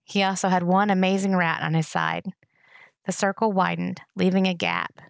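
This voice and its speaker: A woman reading a novel aloud in steady narration. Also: on the low side, normal speed, creaky, no room sound, clean studio sound. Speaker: reader.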